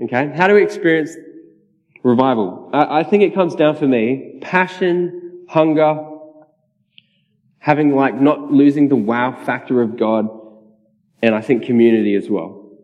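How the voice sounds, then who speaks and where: A man preaches a personal testimony sermon at medium pitch, a little slowly and with frequent pauses, in a casual, chatty style punctuated by laughter. The audio is dull and reverberates like a hall.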